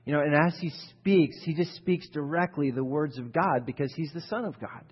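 A man's voice: on the high side, moderate pace, breathy edge, in a large hall, dull audio. A male pastor giving a sermon in a conversational style that builds to emphatic peaks.

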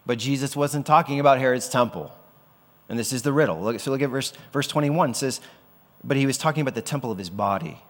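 Speaking quickly in a mid-range voice, a man preaches as pastor, chatting with his congregation and frequently asking them questions. Long reverb from the hall trails his words.

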